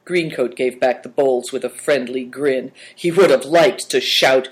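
A man reading a children's novel aloud in a measured, storytelling manner. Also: mid-range voice, lively intonation. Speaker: narrator. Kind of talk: audiobook narration.

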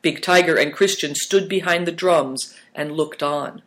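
Guy reading a storybook, steady, kinda high voice. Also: measured pace. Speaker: audiobook narrator. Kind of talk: scripted story narration.

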